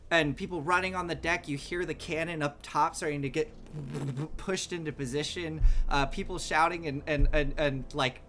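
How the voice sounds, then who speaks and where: A game master narrating a tabletop game in an animated way, laughing often and using many fillers. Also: mid-range voice, slight background noise.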